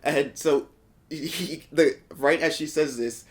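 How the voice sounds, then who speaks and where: A man's voice: a little high, slow pace. A young man co-hosting a podcast, explaining at length with fillers and casual swearing. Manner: rambling explainer with many fillers and restarts, casually profane. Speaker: podcast co-host. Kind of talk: casual chat.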